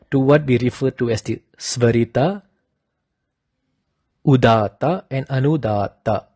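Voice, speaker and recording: A man methodically explaining, step by step, how Vedic chanting uses three pitch levels, in an instructional style. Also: mellow, husky, no room sound.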